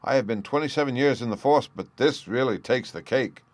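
A man voicing a jovial veteran police inspector who talks heartily and exclaims loudly. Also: medium pitch, a little fast, no room sound, close to an everyday voice. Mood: wry. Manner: hearty, chuckling, loud exclamations.

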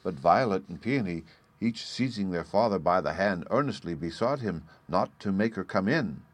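Male reader, lowish voice, dry close sound, measured storybook narration. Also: lively intonation, dry recording.

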